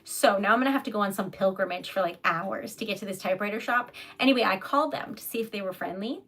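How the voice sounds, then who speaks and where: A young woman hosting a casual livestream, chatty and giggly, sometimes dropping into soft whispers as she reads comments. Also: medium pitch, fast talker. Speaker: livestream host selling typewritten poetry.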